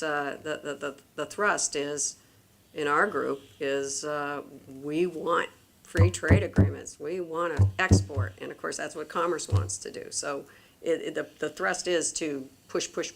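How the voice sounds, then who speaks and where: A low, gravelly woman's voice testifying at a public hearing. She runs a manufacturing company and talks candidly in halting restarts. Faint room noise sits behind her. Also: fairly even intonation.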